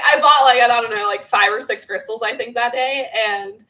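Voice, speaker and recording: A woman's voice: medium pitch, fast, few pauses, pushed and bright, low-quality recording. A young woman vlogger telling a personal story in casual chat, full of filler words and swearing freely. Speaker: spiritual vlogger.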